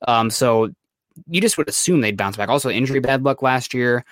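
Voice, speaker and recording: A man co-hosting a casual sports podcast, giving quick analytical takes peppered with "right?" and "like". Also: mid-range voice, lively intonation, no echo, clean studio sound. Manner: fast, analytical, lots of "right?" and "like". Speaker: podcast co-host.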